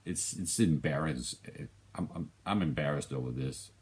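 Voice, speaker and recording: A man's voice: extremely low pitch, normal speed. A man with a Danish accent giving a rambling, casual film review, often restarting his sentences and swearing offhandedly. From Denmark.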